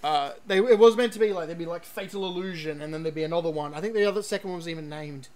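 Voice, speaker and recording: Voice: medium pitch, rapid-fire, a little mellow. A game streamer giving rambling, chatty let's-play commentary, full of ums and restarts, sometimes reading on-screen text aloud.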